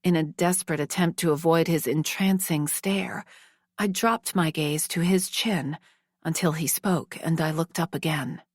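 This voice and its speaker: Slow, low-voiced woman narrator. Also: fairly even intonation, no room sound, clean studio sound. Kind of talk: first-person audiobook romance narration.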